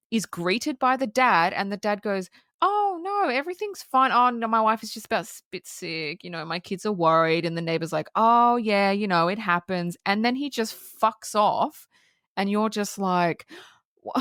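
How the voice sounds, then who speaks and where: A woman co-hosting a podcast, recapping a horror film in casual, profane, animated chat and acting out the characters' lines. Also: fairly low pitch, dry recording, studio quality. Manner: profane, animated plot recapping with acted-out quotes. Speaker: podcast co-host.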